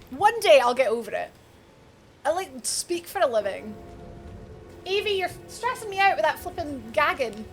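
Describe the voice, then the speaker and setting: Scottish woman streamer with an Edinburgh accent, high and chatty, faint music underneath. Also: very animated, normal speed, long pauses. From Scotland. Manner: chatty, laughs often, greets chat by name. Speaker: game streamer. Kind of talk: casual live-stream chat.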